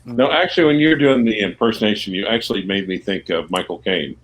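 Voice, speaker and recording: A man teasing the host in deadpan remarks during a livestream. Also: fairly low pitch, fast talker, a loud crowd, rough recording.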